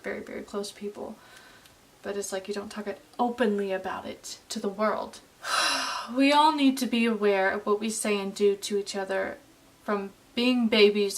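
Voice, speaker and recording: A woman in her late twenties talking earnestly in a personal vlog, halting and heartfelt. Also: medium pitch, distant mic, low-quality recording. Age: late 20s. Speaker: vlogger.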